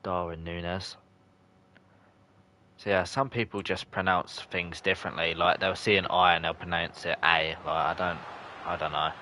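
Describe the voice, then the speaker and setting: A young man, streaming live, commenting on the match and chatting with viewers, breaking into shouts at close chances. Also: low-pitched, little pitch movement, moderate pace. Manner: chatty, bursts into shouts at near misses. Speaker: gaming streamer. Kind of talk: live gameplay commentary and chat reading.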